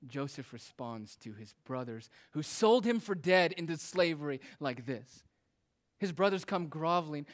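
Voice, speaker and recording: A man's voice: a little high, animated, normal speed. Emphatic man preaching a sermon. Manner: emphatic preaching with rising and falling intensity. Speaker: pastor.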